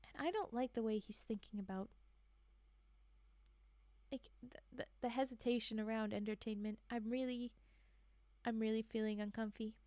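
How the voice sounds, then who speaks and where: A woman's voice: on the high side, steady tone, moderate pace, pauses often, mellow, dry recording. A young adult woman streamer casually reading a horror story aloud, breaking in with sarcastic, swearing asides.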